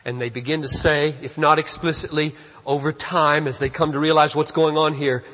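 A man preaching a sermon as pastor, moving from hushed, slow reflection to loud, emphatic passages. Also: fairly high pitch, level tone. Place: church sanctuary. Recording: dull reverberant church hall.

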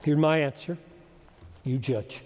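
A man preaching a sermon, moving between quiet explanation and loud, soaring emphasis. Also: a little high, slow pace. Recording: long hall reverb.

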